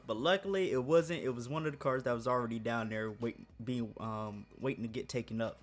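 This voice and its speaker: A man recounts a story from his job in a loose, slangy, conversational manner. His voice sits in a middle pitch and often breaks into laughter. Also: fairly quick. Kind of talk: casual storytime vlog.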